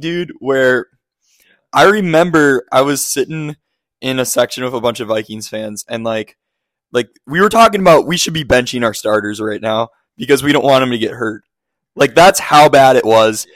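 A man co-hosting a casual sports podcast, his voice partly gone and hoarse, telling a story haltingly with many fillers. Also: on the high side, no echo. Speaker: podcast co-host.

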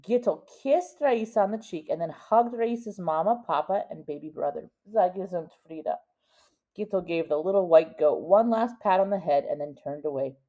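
A woman's voice: lowish voice, expressive, normal speed, few pauses, dark tone. A woman reading a picture book aloud to a child, stopping to explain words, on a dull lo-fi recording. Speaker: reader to a child.

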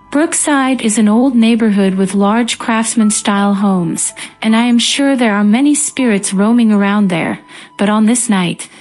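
A woman reading a first-person ghost story as scripted narration in a calm, even manner. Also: medium pitch.

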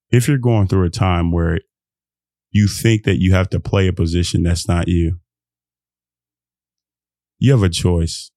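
Low-pitched and recorded at studio quality with no echo, a young Texas podcast host delivers a motivational rant. It's preachy and meandering, leaping between thoughts, and he stays animated and emphatic, laughing often.

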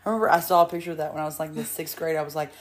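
A young woman with a lilt chats with her sister in an animated, joking way. She keeps slipping into funny voices to act out what people say. Her voice sits a touch low. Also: racing, heavy background noise. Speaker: podcast co-host. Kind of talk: casual chat.

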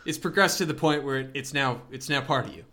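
Bright-voiced young man chatting. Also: mid-range voice, fast talker. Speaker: podcast co-host. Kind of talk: casual chat.

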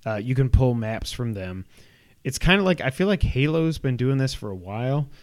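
A man's voice: mid-range voice, expressive, normal speed, no echo, studio quality. A man in his thirties, a podcast co-host, telling stories and news in a rambling, casual way. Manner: rambling storyteller, trails off with fillers. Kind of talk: casual chat.

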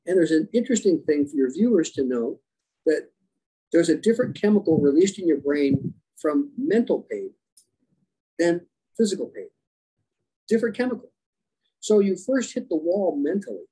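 A man who is a leadership coach and former special operations rescuer, giving animated storytelling answers in a podcast interview and acting out dialogue. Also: a little high, moderate pace, slightly rough, rough recording. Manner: animated, acts out quoted dialogue. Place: podcast conversation.

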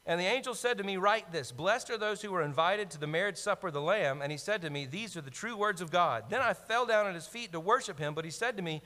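A man preaching a sermon, animated and conversational, with asides to the congregation. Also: sits high, quick pace, few pauses. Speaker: pastor. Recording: long hall reverb.

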